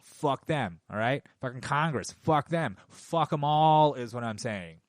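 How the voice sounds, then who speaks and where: A middle-aged man in his forties ranting into a microphone, heated and profane. His pitch sits in an ordinary middle range. The sound is dry and close, with no room echo. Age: 40s. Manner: profane, heated, swears constantly. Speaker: podcast host. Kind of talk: casual rant. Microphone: studio microphone.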